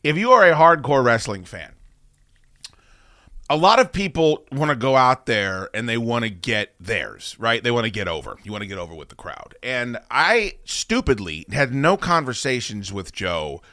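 Animated, profane male show host. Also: mid-range voice, moderate pace, no echo, clean studio sound. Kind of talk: casual podcast banter.

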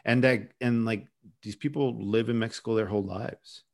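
A man's voice: lowish voice, steady tone, normal speed. Rambling, chatty podcast guy. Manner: rambling, chatty storyteller with many restarts. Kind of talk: casual chat.

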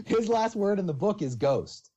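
Rambling, animated man in casual chat. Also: high voice, breathy edge, muffled recording. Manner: rambling, animated, restarts a lot.

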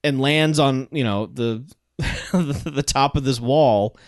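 A man co-hosting a casual podcast, recapping a movie in an animated way and laughing often. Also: mid-range voice, slow, dry recording, clean studio sound. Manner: animated storyteller, acts out bits, laughs often. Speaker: podcast co-host.

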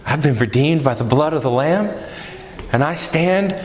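A man's voice: on the high side, expressive, normal speed, long reverb tail, slight background noise, rough recording. A man preaching a sermon in a conversational way, asking the crowd questions and mixing in humor.

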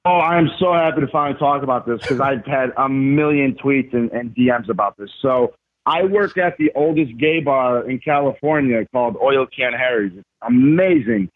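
A man telling stories as a podcast guest, animated and emphatic, with slangy casual talk. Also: medium pitch, moderate pace. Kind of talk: casual storytelling. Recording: tinny phone-like remote line.

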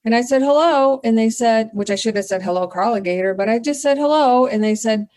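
A middle-aged woman, a company founder, telling a story in a casual interview with lively energy and acting out her own remarks. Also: on the high side, quick pace. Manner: animated, excitable storyteller who acts out her own lines.

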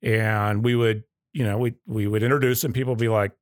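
Guest man from the South, low-pitched storyteller, close and dry. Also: steady tone, brisk, no echo. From Southern United States. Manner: storytelling, acts out customer quotes. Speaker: guest, coffee company leader. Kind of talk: casual podcast interview.

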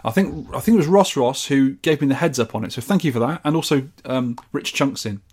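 A man's voice: mid-range voice, fairly quick, a little mellow, husky. A man from the UK chatting casually and enthusiastically as a podcast host. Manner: chatty and enthusiastic, rambling with restarts. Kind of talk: casual chat.

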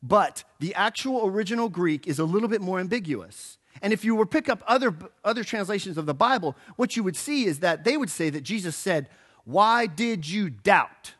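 A man's voice: high voice, a little fast, hardly any pauses. A man preaching a sermon in church, telling the story casually and playfully, with a joke now and then. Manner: animated storytelling, acting out quotes; casual and joking. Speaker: pastor.

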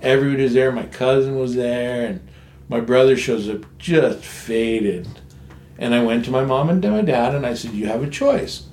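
A man's voice: mid-range voice, moderate pace, darkish tone, a little hiss or hum. A man in recovery candidly telling a family story in a frank, blunt way, swearing freely. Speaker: guest sharing recovery story. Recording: echoey room, faint ambience.

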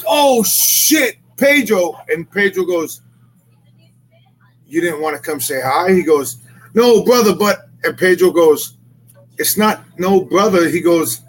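A man co-hosting a casual podcast chat, telling stories loudly and profanely and acting out what other people said. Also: on the high side, measured pace, long pauses, slightly rough, low-quality recording. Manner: boisterous, profane storyteller acting out dialogue. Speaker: podcast co-host.

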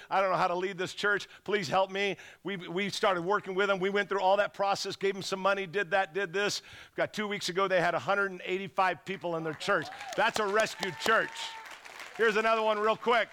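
High, gravelly, bright-voiced preacher man. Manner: animated, acts out callers' voices. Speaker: guest pastor. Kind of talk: energetic fundraising sermon. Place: church sanctuary.

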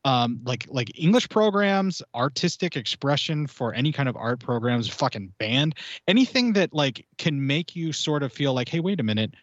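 A man's voice: mid-range voice, lively intonation, normal speed, dry recording, highs cut off. An American man in his forties, a podcast guest talking heatedly and swearing in casual chat. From United States. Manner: heated, swearing, rambling rants.

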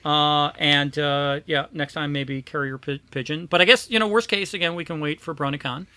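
Chatty high-voiced man hosting a podcast. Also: steady tone, normal speed, bright, forceful tone, clean tone, no echo. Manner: self-deprecating, chatty, many fillers. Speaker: podcast host. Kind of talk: casual podcast chat.

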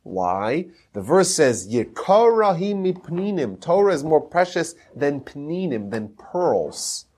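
A man's voice: on the high side, sing-song, slow, few pauses, darkish tone, slightly rough. A man giving a podcast lecture on Talmud history, teaching emphatically and mixing in Hebrew terms.

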